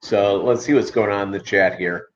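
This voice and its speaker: A man's voice: lowish voice, moderate pace, muffled recording, a little hiss or hum. A man from Minnesota hosting a casual livestream chat, rambling with many filler ums and uhs. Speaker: livestream host.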